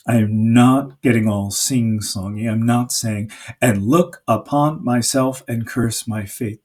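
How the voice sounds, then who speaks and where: A man's voice: medium pitch, darkish tone, breathy edge. A man teaching a poetry lesson, explaining patiently with fillers and reading lines aloud. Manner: slow, patient explaining with fillers, sounds out rhythms.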